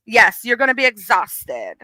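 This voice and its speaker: A woman's voice: a little high, very animated, moderate pace, pushed and bright, dry recording. A woman voicing exhaustion as a smug female figure who sweetly mocks you and promises to wreck your day. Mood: mocking. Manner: sweetly mocking.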